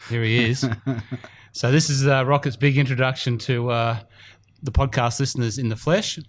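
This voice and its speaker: A man's voice: medium pitch, steady tone, normal speed. A man hosting a casual podcast in an indoor golf studio, chatty and rambling with fillers. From Australia. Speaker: podcast host.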